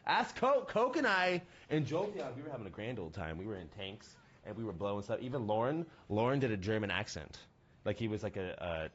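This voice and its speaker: A man's voice: lowish voice, a bit bright, highs cut off. A young man streaming games, chatting casually in a rambling, slangy, joking way. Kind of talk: casual gaming stream chat.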